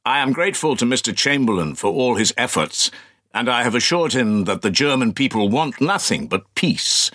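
A man's voice: mid-range voice, animated, normal speed, a bit bright, pitched above the performer's own voice. A man reading an audiobook, voicing a 1930s dictator who delivers a solemn speech with emphatic, declaiming force.

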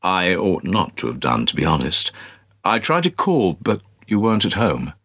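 A grave, stiff young civil servant , read by a man with deep, husky tones and clipped, reserved lines. It is a dry audiobook recording. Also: big pitch swings, normal speed, a bit bright, no room sound, heavily acted. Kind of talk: audiobook reading.

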